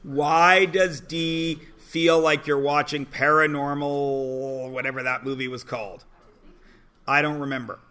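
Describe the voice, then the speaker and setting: A man's voice: fairly high pitch, steady tone, a little slow, bright, forceful tone. A man in his forties teaching a math class in a classroom, chatty and joking with his students. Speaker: high school math teacher. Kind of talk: classroom lecture.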